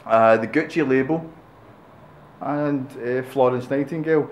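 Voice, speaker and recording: A man interviewing a band in a music club, joking and teasing in a casual, playful way. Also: medium pitch. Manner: teasing, playful, quick with quips. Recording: roomy club with faint background hum.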